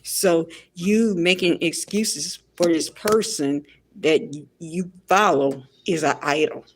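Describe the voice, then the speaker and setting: A woman with a gravelly, fry-laden voice delivers casual pop culture commentary. She talks bluntly, circles back on her points and sounds exasperated. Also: deep voice, slow, a little hiss or hum.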